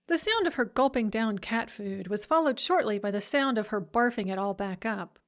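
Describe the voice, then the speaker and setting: A woman's voice: on the high side, expressive, normal speed. A woman reading an audiobook in a wry, dry first-person storytelling voice. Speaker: audiobook narrator.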